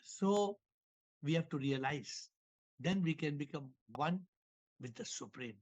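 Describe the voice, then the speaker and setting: A man's voice: on the high side, measured pace. A man giving a spiritual talk over a video call, telling parables with repetitions and chuckles. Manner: animated storyteller, repeats words, chuckles. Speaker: spiritual teacher.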